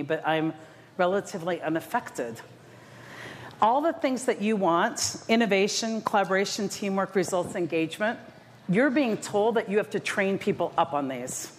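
A middle-aged woman addresses a live audience as a motivational speaker. She tells her stories with animated, self-mocking drama, at an even middle pitch. Her voice rings through a large echoey hall over a faint background hiss. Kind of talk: keynote storytelling talk to a live audience.

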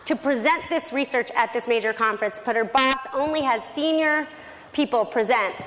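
A woman's voice: fairly high pitch, moderate pace, a bit bright. A woman presenting a negotiation workshop, talking through a role-play scenario in a conversational way. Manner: reads role-play lines aloud, conversational. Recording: faint noise in a long-reverb hall.

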